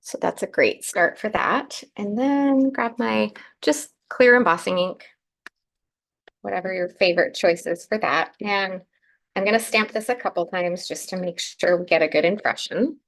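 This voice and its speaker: A woman hosts a live card-making demonstration and talks casually through every step as she works. Her voice is still groggy from the morning and has a gravelly edge with plenty of fry. Her pitch sits in the middle range for a woman. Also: moderate pace, fairly bright tone. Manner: chatty, narrating each step as she works. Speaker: craft show host.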